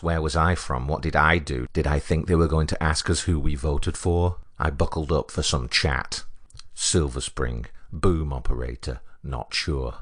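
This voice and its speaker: A man with a British accent narrating a comic story in a deadpan, wry way. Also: rumbling low, no room sound, studio quality.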